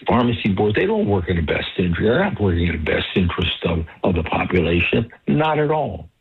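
A male caller on a radio talk show, speaking passionately but haltingly, with many restarts and repeated words. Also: low-pitched, very animated, faint music behind. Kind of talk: passionate call-in commentary. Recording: husky phone line.

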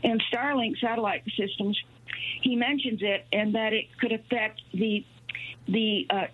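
A woman calling in to a radio talk show, rambling and halting with many fillers. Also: fairly high pitch, fairly even intonation, background noise. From New Mexico. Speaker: caller. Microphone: telephone. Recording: tinny phone line.

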